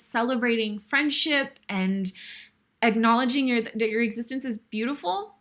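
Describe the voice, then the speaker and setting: Bright-voiced woman retelling a stage memory. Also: fairly high pitch, moderate pace. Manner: emotional, breathless retelling with sighs. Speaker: guest host. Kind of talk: animated storytelling.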